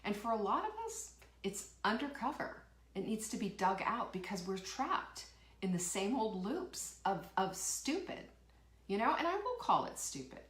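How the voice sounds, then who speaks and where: A woman's voice: mid-range voice, sing-song, normal speed, a bit bright, roomy sound. A woman hosting a live motivational talk show, fired up and emphatic, firing rhetorical questions and reading out viewer comments. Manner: reads out viewer comments and laughs. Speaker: host.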